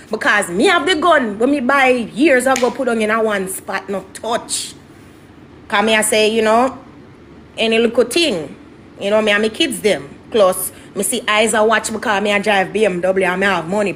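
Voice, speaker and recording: A young woman, a guest telling her story in an interview in an animated, dramatic way. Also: fairly high pitch, slight background noise. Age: young adult.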